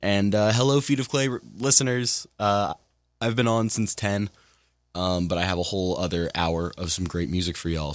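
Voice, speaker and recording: A man with a lowish, fairly even voice speaks at a moderate pace, with no echo. He's a college radio DJ who has the hiccups, announcing songs into a broadcast mic in the studio in a loose, rambling way with self-deprecating asides.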